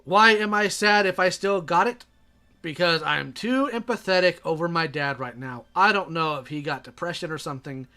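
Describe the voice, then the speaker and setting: A man's voice: a little high, normal speed, pushed and bright, clear, resonant tone. A man reading messages aloud and reacting in a sarcastic, exasperated way.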